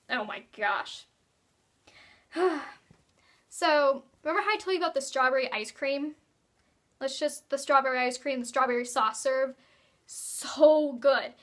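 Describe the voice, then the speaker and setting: Bubbly, high-voiced teenage girl vlogger. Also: a bit bright. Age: teens. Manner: giggly, rambling, playful. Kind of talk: casual vlog chat.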